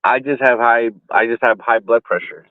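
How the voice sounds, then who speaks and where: A man's voice: medium pitch, fairly even intonation, normal speed, no room sound. A man talking bluntly and with heavy profanity in a casual vlog, recorded inside a car on a phone. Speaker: vlogger. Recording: tinny phone-like, dry sound.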